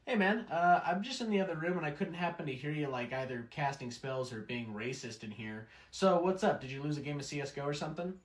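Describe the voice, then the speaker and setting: A man's voice: on the high side, quick pace, hardly any pauses, close to an everyday voice. A man doing a laid-back roommate in an echoey room.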